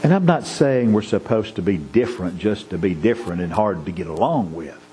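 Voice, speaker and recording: A man's voice: low-pitched, animated, brisk, mellow, a little hiss or hum, rough recording. Folksy storytelling preacher man. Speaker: pastor. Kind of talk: sermon.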